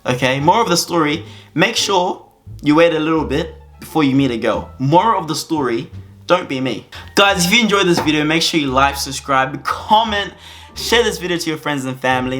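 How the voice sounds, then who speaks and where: A young man, telling a comic story from his own life to his viewers in a lively, dramatic, laughing way, with soft music playing underneath. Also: fairly high pitch. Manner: animated, laughing, dramatic exaggeration. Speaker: vlogger.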